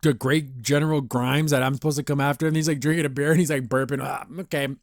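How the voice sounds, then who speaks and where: A man's voice: a little high, steady tone, fast, dry recording, studio quality. A man hosting a podcast, giving a casual, rambling review of a cartoon episode, acting out the characters' lines and laughing often. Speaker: podcast host.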